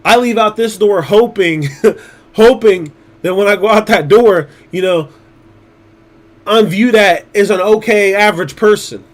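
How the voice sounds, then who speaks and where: A man's voice: high-pitched, measured pace. A man chatting casually on his livestream, blunt and profane, rambling with restarts. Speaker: streamer.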